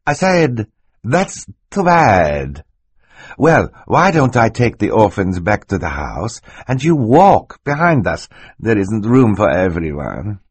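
A man's voice: lowish voice, very animated, slow pace, husky, no room sound, pitched above the performer's own voice, heavily acted. A man reading an audiobook voices a scheming, menacing villain in disguise who speaks in an oily, mocking way. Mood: sly.

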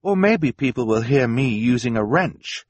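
A man's voice: medium pitch, lively intonation, normal speed, no echo, pitched above the performer's own voice, lightly acted. A man voicing a resourceful teenage girl inventor, the eldest sister, earnest, practical and encouraging.

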